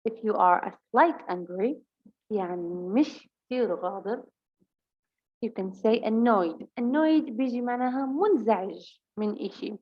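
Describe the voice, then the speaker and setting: A woman with a Levantine Arabic accent who speaks Arabic natively, teaching English vocabulary. She reads example sentences slowly and explains them quickly. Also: on the high side, lively intonation, muffled recording. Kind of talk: bilingual vocabulary lesson.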